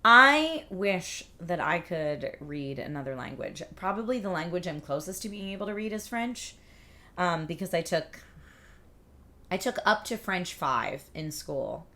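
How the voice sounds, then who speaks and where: A woman's voice: lowish voice, lively intonation, unhurried, sharp tone. A woman hosting a livestream, chatting casually and reading out viewer comments in an upbeat, rambling way. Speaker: livestream host.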